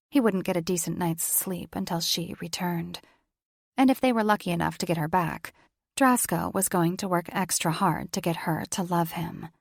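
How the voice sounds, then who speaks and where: A woman narrates a romance audiobook in a low, gravelly voice. Her delivery is measured and steady. The studio sound is dry and close, with no room around her. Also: dry recording. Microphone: studio microphone.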